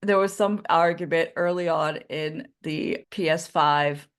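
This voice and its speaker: Low-voiced woman podcast host. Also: measured pace, clean tone. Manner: chatty, personal, trailing off mid-sentence. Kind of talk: casual conversational interview.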